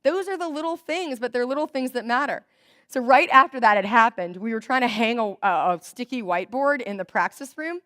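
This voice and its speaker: Young woman guest speaker, animated storyteller, somewhat high voice, close dry sound. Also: brisk, no echo. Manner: chatty and animated, acts out quoted dialogue. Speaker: guest speaker at a church volunteer event. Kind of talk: storytelling talk to volunteers. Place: church hall.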